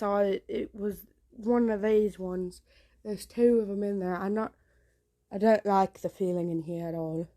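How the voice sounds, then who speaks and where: Young woman vlogger, mellow voice, nervous and rambling, hushed and sweary, filmed on a handheld phone indoors. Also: mid-range voice. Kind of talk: casual handheld vlog. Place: small home indoors at night.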